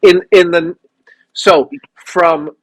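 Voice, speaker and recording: A man from South Dakota co-hosting a podcast, telling profane, animated stories in casual chat. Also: sits high, extremely slow, no room sound. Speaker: podcast co-host.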